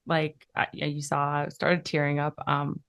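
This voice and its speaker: A woman's voice: low voice, completely flat delivery, moderate pace, fairly bright tone, no room sound, clean studio sound. A woman hosting a podcast, speaking emotionally in casual chat. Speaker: podcast host.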